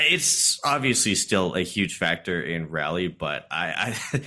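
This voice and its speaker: A man's voice: low voice, pushed and bright. A man, a streamer guest on a podcast, chatting casually and explaining his views at length.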